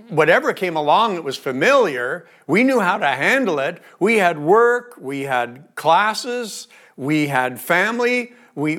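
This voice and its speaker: A middle-aged male pastor preaching a sermon, acting out the cries of the people in his story. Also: high-pitched. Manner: animated, acts out the disciples' cries.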